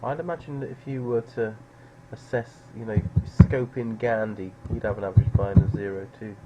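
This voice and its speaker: A man's voice: on the low side, steady tone, normal speed, highs cut off, very noisy. A man streaming live poker, musing over players in a dry, sardonic way.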